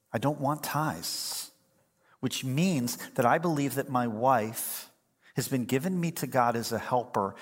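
A man in his late fifties or older, preaching a sermon as pastor, mixing humorous stories with earnest exhortation. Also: mid-range voice. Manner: conversational, humorous storytelling. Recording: long hall reverb.

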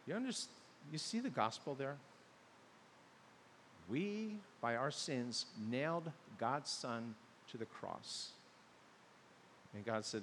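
A man preaching a sermon in a big hall, his voice trailing off in a long reverb. He tells stories and builds to loud, emphatic high points. A faint hiss sits under the recording. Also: animated, slow pace, long pauses. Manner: storytelling, rising to loud emphatic peaks. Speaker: pastor.

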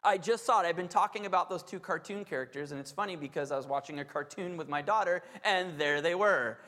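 Pastor, male, high-pitched voice, preaching with emphatic, chatty asides, long hall reverb. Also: fast, pushed and bright. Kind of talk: sermon.

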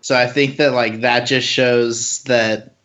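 Man, mid-pitched, easygoing podcast co-host; muffled lo-fi recording. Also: little pitch movement, slow pace, fairly bright tone. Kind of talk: casual podcast chat. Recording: dull lo-fi sound.

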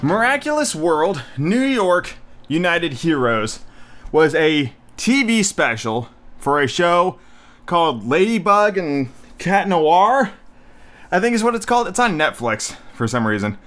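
A man's voice: on the high side, sing-song, a little slow, fairly bright tone, faint music behind. A young man hosting a casual solo podcast, reviewing movies in a blunt, rambling way with lots of fillers, a little out of breath. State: slightly out of breath.

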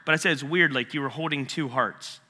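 A man's voice: fairly high pitch, a little fast, bright, forceful tone, big-room sound. A man giving a casual, story-driven sermon, acting out conversations as he retells them. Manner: storytelling, acts out both sides of a dialogue. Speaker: preacher.

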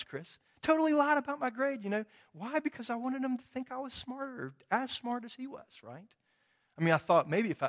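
Here the pastor's voice sits in the mid range with a slight brightness. The middle-aged man recounts a personal story in his sermon, using quoted dialogue and plenty of tag questions.

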